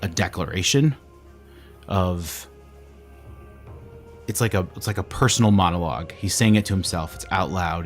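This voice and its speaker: A man playing a tabletop game, describing his character's actions in an animated way. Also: low-pitched, moderate pace, soft background music. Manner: animated, restarts sentences while describing. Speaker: player.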